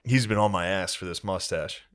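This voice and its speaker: A man's voice: low-pitched, normal speed, fairly bright tone, a little hiss or hum. A man in his thirties telling family stories as a guest in casual chat, laughing often and mimicking his father's voice.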